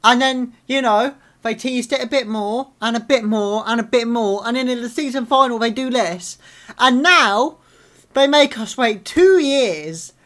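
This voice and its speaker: A young man hosting a live reaction video, ranting angrily and swearing, with sudden loud outbursts. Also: very high-pitched.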